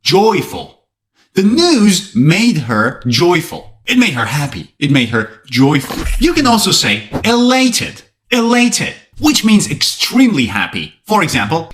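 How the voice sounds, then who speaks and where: A male English teacher giving a vocabulary lesson straight to camera. His pitch sits a little high and leaps about constantly, and he keeps things playful with joking asides. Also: sing-song, measured pace, fairly bright tone.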